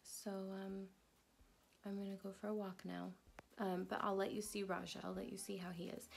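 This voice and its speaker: A woman's voice: little pitch movement, normal speed, vocal fry, slight background noise. A pregnant young woman in her twenties, chatting casually in a vlog update. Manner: chatty, talks baby-talk to her cat in a high sing-song voice. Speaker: vlogger.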